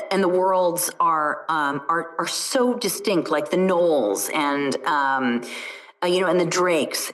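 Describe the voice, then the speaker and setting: A woman's voice: on the low side, distant mic, poor audio. A woman who narrates audiobooks asking questions in a curious, searching way during a casual conversation.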